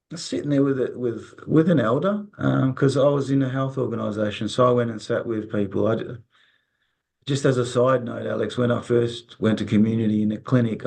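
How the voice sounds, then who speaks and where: A man talks casually as an interview guest, his voice sitting fairly low. He rambles and restarts often, and he acts out the dialogue he quotes. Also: vocal fry. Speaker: interview guest, resilience consultant.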